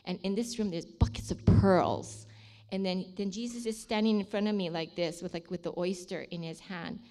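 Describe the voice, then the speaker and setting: A ministry leader shares her personal faith testimony with emotion, sometimes dropping to a near-whisper at dramatic moments. Her voice is medium-pitched, steady, and mellow, at a moderate pace.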